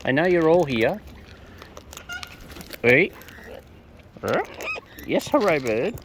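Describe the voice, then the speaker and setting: A woman outdoors chatting playfully to wild birds, her greetings jumping into squeaky high hellos, recorded on a phone. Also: big pitch swings, takes it slowly, pauses often, heavy background noise. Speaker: vlogger feeding wild birds. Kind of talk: casual chat to birds. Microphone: phone camera.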